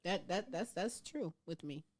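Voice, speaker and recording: A woman's voice: lowish voice, expressive, a little slow. Chatty woman hosting an interview. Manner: encouraging, chatty, laughs often. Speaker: talk show host. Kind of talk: casual interview.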